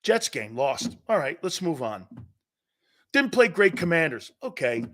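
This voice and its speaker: Animated, blunt sports talk host, man. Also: a little slow. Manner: animated, blunt storytelling with swings in pitch and loudness.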